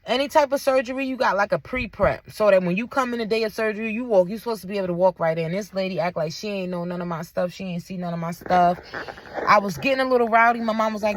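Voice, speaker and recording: A woman's voice: mid-range voice, fast talker. A young woman, casually telling a personal story and acting out the voices of others. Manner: animated, acts out quoted voices, drops to near-whisper at tense moments. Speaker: vlogger telling her birth story.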